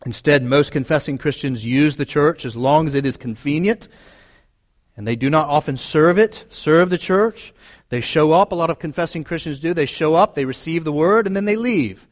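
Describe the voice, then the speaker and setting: A man's voice: on the high side, moderate pace. Earnest male pastor preaching. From United States. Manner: earnest, emphatic preaching with repeated phrases. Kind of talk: sermon.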